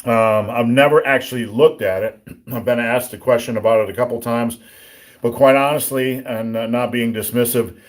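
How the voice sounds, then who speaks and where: A man hosting a live Q&A on strength training, blunt and joking, talking through a sore throat and clearing it often. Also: mid-range voice, steady tone, moderate pace. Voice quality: throat-clearing, a bit rough. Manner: blunt, joking, plainspoken coaching. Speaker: livestream host answering viewer questions.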